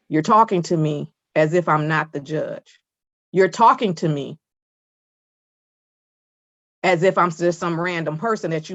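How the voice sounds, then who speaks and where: A woman's voice: lowish voice, creaky, dry recording, lo-fi sound. A woman judge sternly lecturing from the bench over a video call, firm and scolding.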